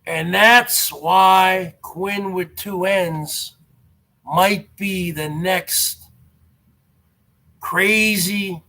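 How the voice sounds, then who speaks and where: A man's voice: high-pitched, pushed and bright. A man in his forties, vlogging from home in a rambling, mocking rant, tacking "man" onto his lines. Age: 40s. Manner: repetitive, drawls "man" at line ends. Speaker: vlogger host.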